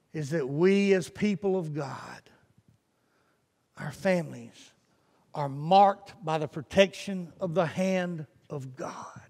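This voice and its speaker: A man's voice: on the high side, creaky. A man preaching a fervent sermon as pastor, his intensity rising and falling. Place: church sanctuary. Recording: church service recording with long hall reverb.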